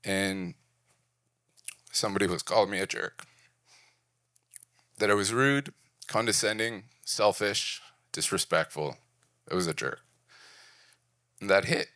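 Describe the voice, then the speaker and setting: A man's voice: deep voice, a little slow, long pauses, bright, forceful tone, no echo, clean studio sound. A man in his forties from Prince Edward Island, Canada, giving a candid, self-deprecating talk at a design event in short punchy phrases. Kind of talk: personal storytelling talk. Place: event venue.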